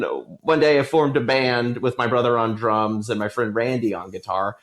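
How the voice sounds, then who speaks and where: A man in his thirties, a novelist and musician, chatting in an interview and telling lively stories with frequent laughs. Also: medium pitch, moderate pace, hardly any pauses. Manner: animated storyteller, laughs often. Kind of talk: casual conversational interview.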